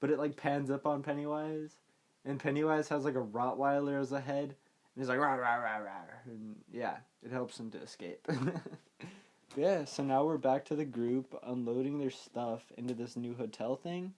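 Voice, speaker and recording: A man's voice: mid-range voice, steady tone, normal speed, darkish tone. A young man casually recapping a film, rambling and offhand, often trailing off with "like" and "I don't know.". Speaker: podcast host recapping a film.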